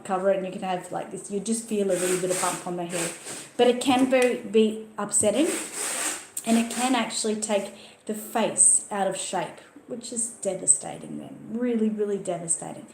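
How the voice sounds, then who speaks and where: A woman's voice: medium pitch, echoey room, noisy background. An Australian woman hosting a casual Q&A, chatty and emphatic, often repeating words for stress. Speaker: channel host answering viewer questions. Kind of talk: casual livestream Q&A chat.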